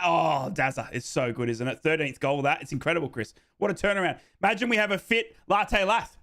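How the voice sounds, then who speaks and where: A man hosting a live football watchalong, calling the match as a fan, reading out viewers' names and bursting into shouted celebrations. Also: a little high, fairly quick, few pauses. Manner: reads out viewers' names and answers them.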